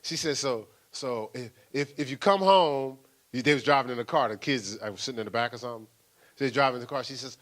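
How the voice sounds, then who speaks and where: An older man, a pastor, preaching a sermon in a lively, playful way with laughter and acted-out asides. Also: medium pitch, fast, gravelly.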